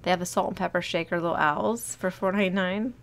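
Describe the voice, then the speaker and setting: This shopping vlogger, a young woman, speaks fast in a lowish voice with fairly even intonation, and there's slight background noise. She chats her way through a retail store for a shop-with-me video, holding her phone, dropping lots of ums and gushing about cute things.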